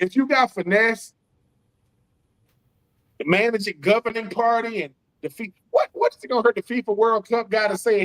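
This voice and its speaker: A man in his forties, a former football player co-hosting a casual sports podcast, talking in animated, slangy bursts and acting out what other people said. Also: extremely high pitch, poor audio. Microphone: streamed remote call.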